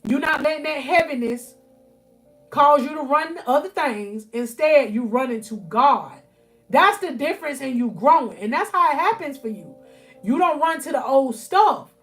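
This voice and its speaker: A woman's voice: sits high, expressive, normal speed, fairly bright tone, faint music behind. A woman life coach giving fervent motivational preaching on a live stream from home. She repeats her phrases and keeps calling out to her listeners as y'all. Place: at home, near her bed.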